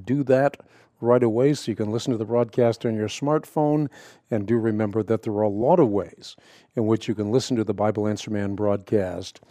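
A man hosting a radio Bible program, explaining scripture in a measured, emphatic way with frequent fillers and restarts. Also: mid-range voice, warm tone, dry recording, studio quality. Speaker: radio show host answering Bible questions. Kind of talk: radio teaching monologue.

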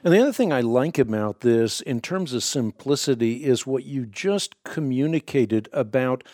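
A man's voice: mid-range voice, lively intonation, moderate pace, dark tone, no echo, studio quality. A man hosting a radio interview, speaking in an earnest and emphatic way. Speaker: radio show host. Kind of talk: radio interview and promo reading.

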